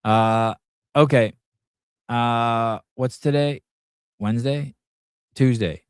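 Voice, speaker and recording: A man's voice: medium pitch, steady tone, takes it slowly, smooth, no echo, studio quality. A middle-aged man hosting a live podcast, telling rambling, profane stories in a casual chat. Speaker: podcast host.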